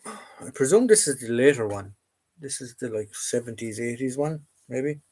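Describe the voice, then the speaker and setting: A man's voice: mid-range voice, animated, moderate pace, a little mellow, slightly rough. A man with an Irish accent hosting a casual live chat from home, rambling and chatty with lots of fillers and restarts. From Ireland. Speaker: live-stream host. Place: home room full of collectibles.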